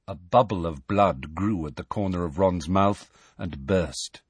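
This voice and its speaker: A man's voice: deep voice, measured pace, few pauses, husky, no room sound. A man narrating a fantasy novel as an audiobook, telling the tense story with expression. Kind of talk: scripted narration.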